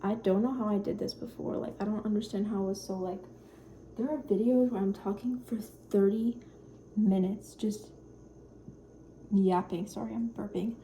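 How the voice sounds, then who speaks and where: A young woman in her twenties talks softly in her home kitchen. Her voice is mellow and warm. She rambles shyly, full of little fillers, with a faint hum in the background. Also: medium pitch, steady tone, normal speed. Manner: quiet, shy, rambling with many fillers. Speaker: vlogger. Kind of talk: casual cooking vlog chat.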